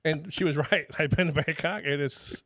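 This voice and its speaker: A man's voice: fairly high pitch, fairly even intonation, moderate pace, fairly bright tone, no echo, studio quality. Profane middle-aged man telling stories. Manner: colloquial, profane, restarts with laughs. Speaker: podcast guest, retired federal drug agent. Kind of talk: casual storytelling chat.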